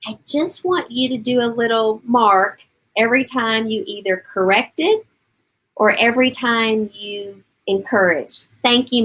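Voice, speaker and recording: A woman's voice: fairly high pitch, fairly bright tone, rough recording. A middle-aged woman coaching parents on a live stream, upbeat and encouraging, speaking directly to her viewers and answering their comments.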